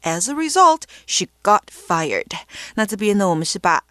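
A woman co-hosting an English lesson, explaining English words and grammar in another language in a lively teaching manner. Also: medium pitch, normal speed, dry recording, clean studio sound.

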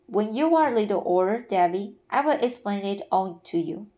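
A woman reading aloud, voicing a patient, imaginative young woman who talks in a gentle, storytelling way. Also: mid-range voice, expressive, normal speed, natural voice.

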